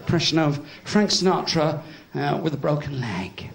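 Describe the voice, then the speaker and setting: A man's voice: fairly high pitch, normal speed, vocal fry. A man with a West Country accent doing cheeky live stand-up in a cabaret club, bantering with the audience. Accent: West Country English. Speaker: stand-up comedian. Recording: echoey club with loud crowd and noise.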